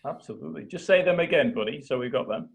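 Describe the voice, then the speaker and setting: A man hosting a live video call, retelling a story with lively acted-out quotes and a few restarts. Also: mid-range voice, fast, creaky, dull audio. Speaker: host of a mastermind call.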